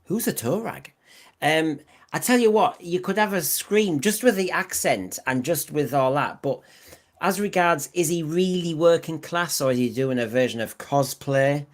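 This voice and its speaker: A man's voice: on the high side, normal speed. A man hosting a podcast in casual discussion, who often repeats words and restarts his sentences. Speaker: podcast host.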